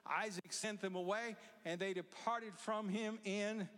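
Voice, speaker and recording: A middle-aged male pastor preaching a sermon, emphatic and building to loud exhortation. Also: high voice, fairly even intonation, unhurried, hardly any pauses. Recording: long church hall reverb.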